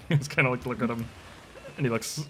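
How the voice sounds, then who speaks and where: A man's voice: mid-range voice, steady tone, normal speed, bright, forceful tone, a little hiss or hum. Rambling man running a tabletop game. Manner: rambling, full of "like" and "um". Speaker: dungeon master. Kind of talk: casual game narration.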